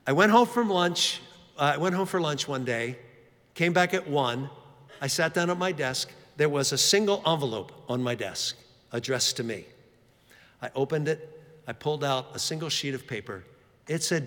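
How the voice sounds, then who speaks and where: A man's voice: on the high side, normal speed. A man preaching a sermon, telling self-mocking stories with lots of fillers, in a church hall. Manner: animated, self-mocking anecdotes with many fillers. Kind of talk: storytelling sermon. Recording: long reverb of a large hall.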